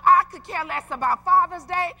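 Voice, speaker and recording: A woman in her forties preaching a sermon as a lively, emphatic, folksy storyteller. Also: very high-pitched, moderate pace, low-quality recording. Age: 40s. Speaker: preacher, pastor's wife.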